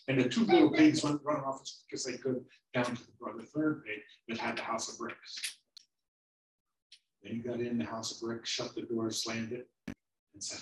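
A man telling a children's story in a sermon, slow and animated. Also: medium pitch. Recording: roomy, from far off.

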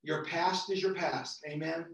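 A man's voice: measured pace, recorded from a distance. Fervent man preaching in an echoey church. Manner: fervent preaching with excited high outbursts. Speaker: visiting lay preacher. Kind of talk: sermon.

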